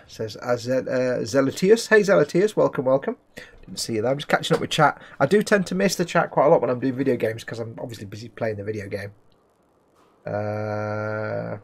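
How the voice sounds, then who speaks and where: A man's voice: medium pitch, a little fast, creaky. A man casually commenting while streaming a video game, chatty and wry, reading chat messages aloud.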